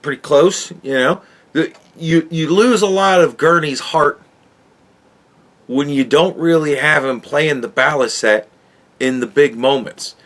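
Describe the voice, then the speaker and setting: This podcast host, reviewing a book, has a slightly high, somewhat bright voice and a measured pace. He rants casually and profanely, with exasperated outbursts and laughter.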